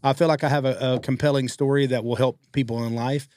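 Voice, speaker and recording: A man, co-hosting a podcast and telling stories in a casual, animated way, acting out what other people said. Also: mid-range voice, dry recording. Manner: fast-talking, animated quoting of others. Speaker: podcast co-host. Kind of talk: casual storytelling.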